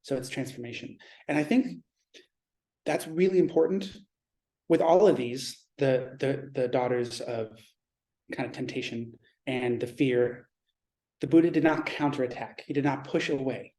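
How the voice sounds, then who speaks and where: A man giving a Zen dharma talk in a reflective, measured way, pausing and restarting his thoughts. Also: medium pitch, dark tone.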